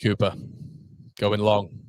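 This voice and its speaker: A man chatting excitedly on a live stream, reacting to the chat and the football match as he watches. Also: on the low side, slow, no room sound, studio quality.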